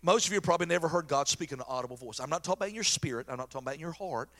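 A middle-aged pastor preaches with a bright, forceful edge to his voice. He tells stories and jokes in a folksy, animated way. His voice sits high for a man. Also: very fast. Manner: folksy, joking, animated storyteller. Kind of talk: sermon.

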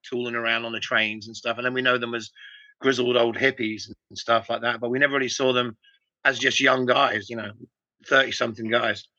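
A middle-aged man, a musician, telling animated stories in a casual interview, with many restarts. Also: mid-range voice, brisk, dry recording. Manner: rambling, animated anecdotes with restarts. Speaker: musician guest. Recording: dull, lo-fi dry sound.

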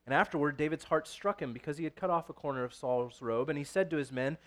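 A man's voice: on the high side, fast, a bit bright. A man preaching, reading scripture aloud and then explaining it in a conversational way, often checking in with "right?". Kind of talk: sermon.

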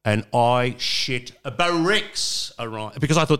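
A man's voice: mid-range voice, lively intonation, takes it slowly, a bit bright, clean tone. A man in his fifties with an Australian accent, a former radio presenter telling long rambling anecdotes with restarts and the odd swear word. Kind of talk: casual storytelling interview.

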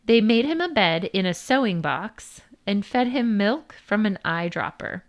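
Slow, lilting woman storyteller. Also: mid-range voice, lively intonation, lo-fi sound. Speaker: narrator. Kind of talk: children's storytelling and fact narration.

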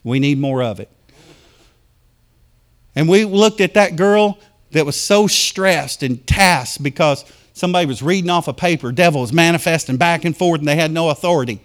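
A man preaching a fervent sermon to a congregation, telling stories and talking straight to the people in church, swinging from loud to hushed. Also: fairly high pitch, normal speed. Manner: addresses congregation directly. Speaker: pastor.

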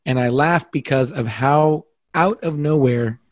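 Man, podcast co-host, middle pitch, halting then quick, dry close mic. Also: no echo. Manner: halting, restarts questions, speeds up when defending himself. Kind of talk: casual chat.

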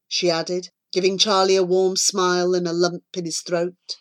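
A woman reading a children's novel aloud as narrator with expressive, measured storybook narration. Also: lowish voice. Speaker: audiobook reader.

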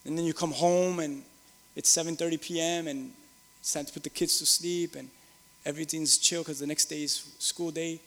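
Earnest pastor in a reverberant hall. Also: male voice, a little high, steady tone, normal speed, few pauses, fairly bright tone. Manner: earnest, building to emphatic peaks, repetitive phrasing. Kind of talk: sermon.

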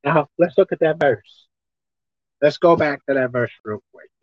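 A woman preacher delivering a folksy, emphatic sermon, swinging between shouting and hushed tones. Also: low voice, unhurried, dry recording, lo-fi sound. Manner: folksy, colloquial.

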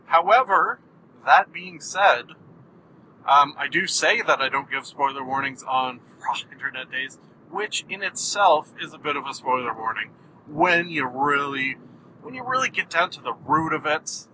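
A man's voice: fairly high pitch, animated, measured pace, bright, forceful tone, slight background noise, rough recording. A man hosting his own podcast, rambling in a goofy, jokey way while driving his car. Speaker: podcast host. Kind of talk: casual solo monologue. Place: in a moving car.

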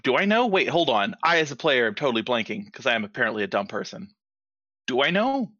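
A man's voice: medium pitch, big pitch swings, fast, sharp tone, no echo. A man talking as a player at a tabletop game, flustered and self-deprecating. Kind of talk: casual chat at a game table. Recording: dull lo-fi mic.

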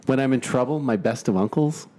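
A man's voice: mid-range voice, a little fast, dark tone. A man hosting a podcast who reads facts aloud and riffs on them with crude jokes in casual chat. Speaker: podcast host.

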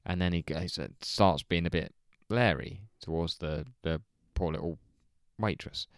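A man telling a story in casual chat, animated, swearing and laughing often. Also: sits low, a little slow, dry recording, clean studio sound. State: hungover. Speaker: podcast co-host telling a story.

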